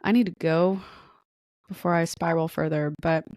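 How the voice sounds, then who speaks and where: Speaking at normal speed, a young woman with a deep, steady, slightly mellow voice hosts a podcast alone. The dry recording is studio quality. She rambles candidly, laughing at herself, then shifts into an encouraging pep talk in this casual monologue.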